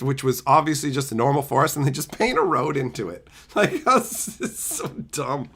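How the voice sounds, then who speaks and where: A man's voice: medium pitch, animated, moderate pace, few pauses, a bit bright, husky. A man live-streaming, chatting casually with viewers in joking, profane banter and reading their messages aloud. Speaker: streamer opening card packs.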